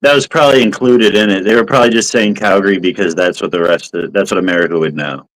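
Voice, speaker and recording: A man's voice: low-pitched, quick pace, poor audio. A man in a casual chat, teasing and laughing easily.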